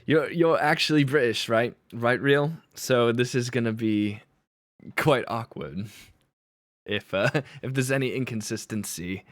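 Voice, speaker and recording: A man chatting loosely on his livestream, quick to laugh at himself and trailing off mid-thought. His voice sits at an ordinary middle pitch, and the sound is dry and close with no room around it. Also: no echo. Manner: chatty, laughing, self-deprecating. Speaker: livestream host. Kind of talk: casual chat with chat.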